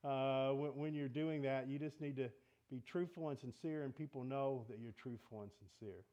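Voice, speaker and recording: A man's voice: mid-range voice, moderate pace, dark tone, muffled recording. A man teaching a casual Bible study in a church meeting room, talking in a conversational way and asking the group questions.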